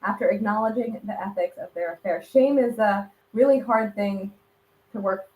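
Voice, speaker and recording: A woman's voice: mid-range voice, moderate pace, roomy sound, phone-quality sound. A woman hosting an interview as a magazine editor, friendly, with small hesitations as she moves to the next question.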